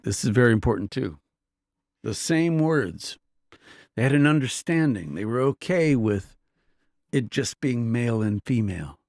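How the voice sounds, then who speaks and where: A man's voice: medium pitch, expressive, measured pace, darkish tone, dry recording, clean studio sound. A man giving a casual Bible teaching in a conversational way, often checking that his listeners are following along.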